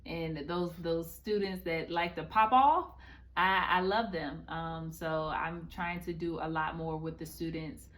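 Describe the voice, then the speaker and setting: A woman's voice: low voice, steady tone, unhurried, fairly bright tone. A young adult woman, a guest author, chatting casually in an interview, upbeat with frequent ums and restarts.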